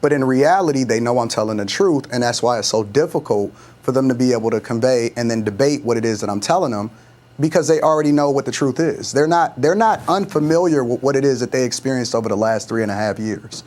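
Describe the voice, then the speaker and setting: A man's voice: medium pitch, fast talker, darkish tone. A man speaking as a guest on a television panel in an earnest, emphatic way.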